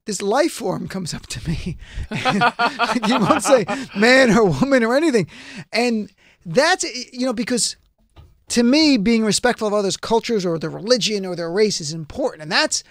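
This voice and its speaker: A man hosting a talk show, asking quick probing questions and cutting in with jokes. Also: high-pitched, fairly bright tone, no echo. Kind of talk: casual panel chat.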